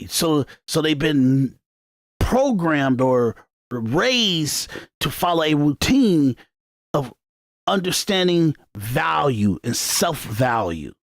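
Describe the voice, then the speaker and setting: A man's voice: on the high side, no echo, clean studio sound. A man hosting a podcast, delivering an emphatic, repetitive monologue of commentary that often restarts its phrases. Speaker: podcast host. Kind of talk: unscripted political commentary monologue.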